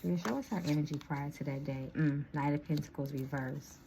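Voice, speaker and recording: A tarot reader lays out cards for her viewers in a chatty, casual way, calling them y'all and thinking aloud, with a slight lisp from dental retainers. Her low voice is steady and fairly quick, and there's heavy background noise.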